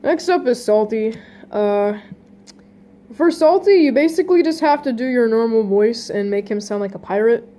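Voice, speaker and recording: A woman's voice: a little high, lively intonation, normal speed, warm tone. A young woman hosting a casting call for voice roles, talking casually and rambling with many fillers and restarts. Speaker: channel host running a casting call.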